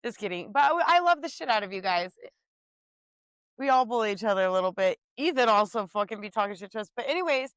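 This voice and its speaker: A young woman co-hosting a podcast, telling family stories in loud, profane casual chat. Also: mid-range voice, lively intonation, fast talker, clean tone, no room sound, poor audio. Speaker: podcast co-host.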